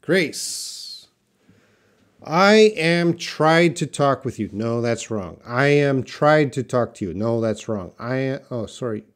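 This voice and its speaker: A man teaching English in a live-stream Q&A, slowly and patiently answering viewer questions with example sentences. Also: medium pitch, lively intonation.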